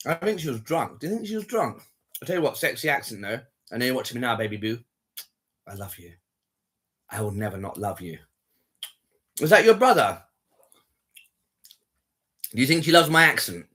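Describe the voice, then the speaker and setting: A man's voice: on the high side, very animated, brisk, long pauses, pushed and bright. A man hosting a livestream who teases and mocks a caller with flirty provocations. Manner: teasing, mocking, flirty provocations. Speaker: livestream host talking to callers. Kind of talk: taunting live call-in chat.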